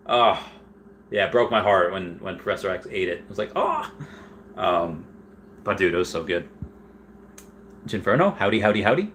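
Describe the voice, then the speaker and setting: A man's voice: low voice, a bit bright, slight background noise. A man hosting a casual live stream, reading chat questions aloud and rambling through answers with frequent restarts.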